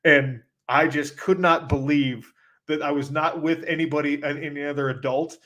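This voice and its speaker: A man with a somewhat higher voice for his sex spins a rambling, animated story on a casual podcast. He talks loosely and leans on "like" as he goes, with the easy tone of a co-host chatting with a friend. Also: moderate pace. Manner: animated storyteller, heavy use of "like".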